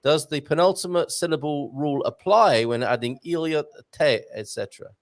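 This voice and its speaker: A man from England hosts a relaxed live question show, reading out viewer messages with jokes along the way. His voice sits somewhat high for a man. The sound is close and dry. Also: normal speed, dry recording. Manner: chatty, reads out viewer messages, jokey. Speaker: host. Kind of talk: casual live Q&A hosting.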